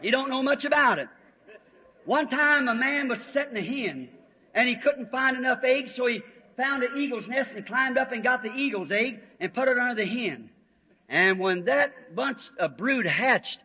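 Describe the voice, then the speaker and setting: Man, preacher, folksy fiery sermon, high voice, old lo-fi tape, long echo of a big church hall. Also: expressive, normal speed. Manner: folksy storytelling, swells to shouts.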